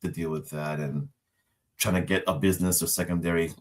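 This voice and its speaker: A show regular from Nigeria chats casually about his kids, acting out their lines and laughing often. As a father telling these stories, he speaks fairly quickly in a low voice with fairly even intonation.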